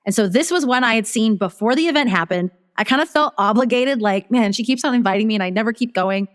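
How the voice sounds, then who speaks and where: Fast-talking woman in a reverberant room. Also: fairly high pitch. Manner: animated, acts out her own inner dialogue. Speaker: guest business strategist. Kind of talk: casual storytelling interview.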